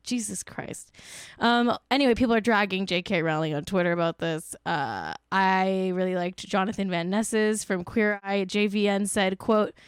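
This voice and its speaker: A woman's voice: medium pitch, normal speed, clean tone, no echo, clean studio sound. A young woman hosting a casual commentary show, ranting bluntly with lots of swearing and exasperation. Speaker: podcast host.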